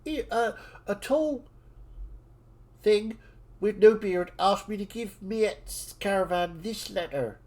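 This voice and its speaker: Guy putting on a little dwarf kid, super high squeaky voice, all bouncy and breathless. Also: expressive, slow pace, a little mellow, heavily acted. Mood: awestruck. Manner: breathless, wide-eyed chatter. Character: excitable little dwarven child, boy.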